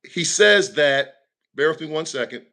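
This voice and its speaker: A man, a minister, telling a personal story on a talk show in a lively, preacherly way. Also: a little slow, vocal fry. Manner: animated, preacherly, shifting pitch for emphasis.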